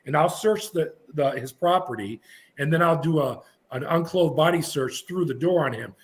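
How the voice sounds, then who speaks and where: Man, middle-aged, high voice, animated storyteller, blunt, former prison officer. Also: moderate pace. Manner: vivid, blunt anecdotes with frequent restarts.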